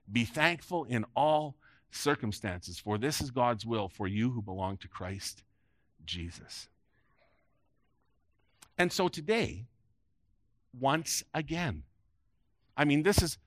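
A man's voice: medium pitch, fairly bright tone, dry recording. Emphatic male preacher, dry close sound. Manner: emphatic preaching with rising peaks and dropping phrase ends. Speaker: pastor. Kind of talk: sermon. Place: church sanctuary before a congregation.

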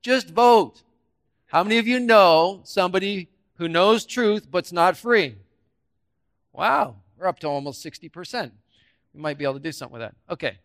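A male preacher with a notably high voice delivers an animated, interactive sermon. He fires questions at the congregation and jokes with them, dropping to quiet asides before rising to loud, emphatic bursts. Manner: interactive, quizzes the audience and jokes. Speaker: guest preacher.

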